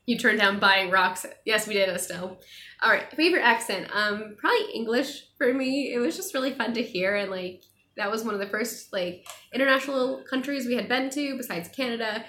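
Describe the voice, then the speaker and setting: Young woman, travel vlogger, chatty and animated, higher voice, echoey room. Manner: chatty, animated, quick laughs. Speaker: travel vlogger answering viewer questions. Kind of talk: casual chat.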